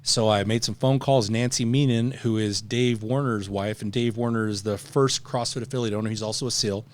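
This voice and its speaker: A middle-aged man, a podcast guest, telling stories in a casual, animated way, full of slang and acted-out voices. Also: lowish voice, brisk. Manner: animated, acts out voices in anecdotes; slangy, says "bro" often. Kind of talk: casual storytelling.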